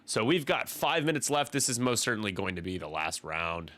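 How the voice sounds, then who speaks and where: A man's voice: fairly low pitch, big pitch swings, brisk, sharp tone. A man casually commentating a tabletop game on a stream, chatty and rambling, often restarting his sentences.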